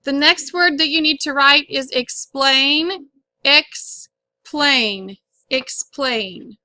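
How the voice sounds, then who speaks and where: A woman's voice: high-pitched, fairly even intonation, unhurried, bright, forceful tone, no echo. A woman teacher explaining syllables and accent marks in a patient, step-by-step phonics lesson. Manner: clear, patient, step-by-step instructing.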